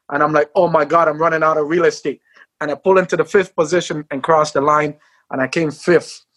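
A former sprinter, a man with a slightly high voice, tells his life story in an interview. He acts out quotes and shouts at the peaks.

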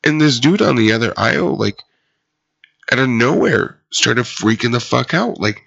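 A man tells a rambling story with lots of swearing and false starts, his low voice gravelly but bright at the edges. The recording is dull and slightly lo-fi. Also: lively intonation, moderate pace. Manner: rambling storyteller, swears a lot, many restarts. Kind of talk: casual chat.

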